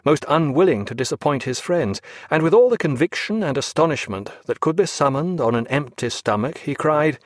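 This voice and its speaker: A man reading a historical naval novel aloud as audiobook narrator, measured and expressive. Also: a little high, dry recording, studio quality.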